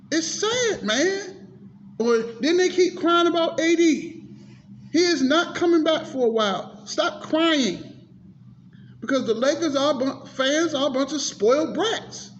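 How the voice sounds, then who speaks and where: A man with a very high voice delivers an exasperated, profanity-laced sports rant straight to the camera. His talk circles back on itself with heated repetition. The audio is dull and lo-fi, with a faint hiss underneath. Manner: frustrated, cursing, repetitive ranting. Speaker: sports vlogger. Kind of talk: ranting sports commentary.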